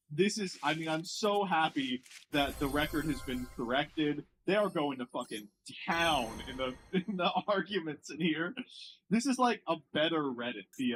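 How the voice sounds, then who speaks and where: An American man streaming casual commentary as he reacts to online posts, sarcastic and quick to laugh, sometimes mocking French words. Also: on the high side, expressive, a bit bright, a little hiss or hum, poor audio.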